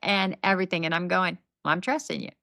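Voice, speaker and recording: Gravelly-voiced woman telling animated stories. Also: lowish voice, fast talker, no echo. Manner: animated, faith-based storytelling with acted-out quotes. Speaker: podcast guest, nonprofit founder. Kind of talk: conversational storytelling.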